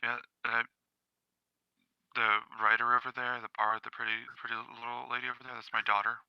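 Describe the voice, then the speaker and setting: A man voicing a proud, gruff old male smith god who speaks low, hushed and deliberate. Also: level tone, dry recording, lo-fi sound, natural voice. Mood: quiet warning.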